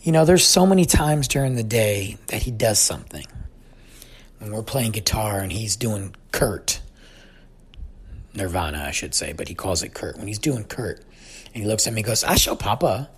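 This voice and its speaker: A man's voice: on the low side, animated, moderate pace, husky. A man in his forties telling a heartfelt story about his family in a thoughtful personal monologue. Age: 40s.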